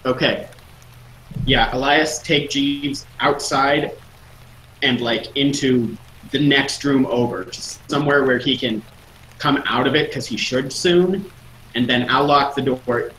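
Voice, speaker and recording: A man's voice: medium pitch, slow pace, fairly bright tone, echoey room, a little hiss or hum, low-quality recording. A man playing a tabletop game, talking through plans casually. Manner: planning aloud, casual. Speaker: player.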